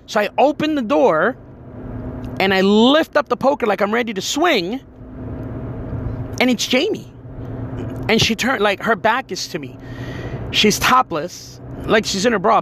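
A man retelling a dream in an emotional, animated way, full of fillers and quoted speech. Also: sits high, slight background noise. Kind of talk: personal storytelling.

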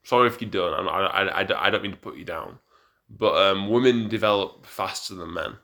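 A young man co-hosts a casual podcast, a little tipsy and rambling. He keeps stumbling over his restarts, and his voice sits somewhat low. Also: a little fast, vocal fry, pushed and bright. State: tipsy from drinking. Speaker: podcast co-host. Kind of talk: casual chat.

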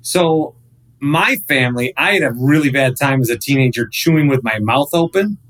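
A man in his thirties, a radio host guesting on a podcast, chatting casually and telling animated, rambling stories full of restarts. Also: mid-range voice, moderate pace, rough recording.

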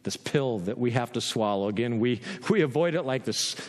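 A man's voice: medium pitch, lively intonation, normal speed, big-room sound. A man preaching a sermon in a casual, conversational way, often checking in with "right?" and laughing now and then. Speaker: pastor.

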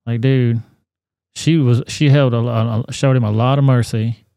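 A man hosting a podcast, commenting on a news video in a blunt, profane, animated rant. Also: medium pitch, moderate pace, dry recording, studio quality. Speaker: podcast host.

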